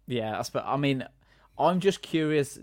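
A man's voice: medium pitch, expressive, measured pace, a little mellow, no echo, clean studio sound. Curious man hosting a podcast chat. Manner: inquisitive, asks the others questions. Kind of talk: casual chat.

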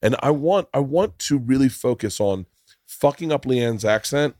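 A man's voice: medium pitch, expressive, normal speed, a little mellow, dry recording, studio quality. A man hosting a casual comedy podcast, telling profane stories with lots of acted quotes. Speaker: podcast host.

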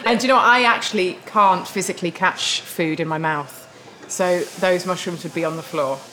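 A woman actor as a guest at a restaurant lunch interview, telling stories in a lively, laughing way. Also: on the low side, normal speed, poor audio. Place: restaurant table.

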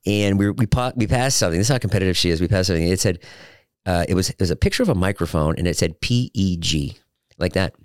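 Low-voiced man rambling through podcast stories. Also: fast, no echo, studio quality. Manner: rambling, joking anecdotes with many fillers. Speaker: podcast host. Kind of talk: solo podcast chat.

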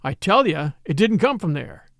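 A man's voice: fairly high pitch, big pitch swings, moderate pace, creaky, no room sound, studio quality. A man doing a timid, secretive gold prospector. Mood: guarded. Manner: timid, reluctant.

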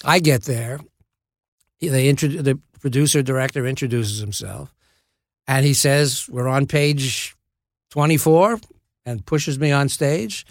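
Older man telling stories in a gravelly voice. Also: medium pitch, no echo, studio quality. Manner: lively storyteller, halting restarts and asides. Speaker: actor guest. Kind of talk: anecdotal interview storytelling.

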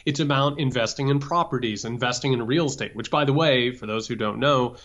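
A man's voice: mid-range voice, a little fast, fairly bright tone, lo-fi sound. A man co-hosting a political podcast, ranting emphatically with stammered restarts. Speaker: podcast co-host. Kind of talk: political commentary chat.

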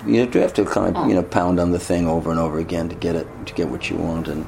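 A low-pitched man answers questions in an old interview clip. His voice is gravelly, and his speech runs quickly with halting restarts over faint room noise. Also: a little mellow. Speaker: interviewed musician. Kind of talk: archive interview.

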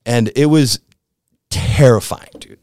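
A man in his fifties from the American Midwest, a podcast guest telling a story in a laid-back, slangy way that gets animated as it builds. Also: medium pitch, slow, clear, resonant tone, no echo, studio quality. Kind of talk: casual storytelling.

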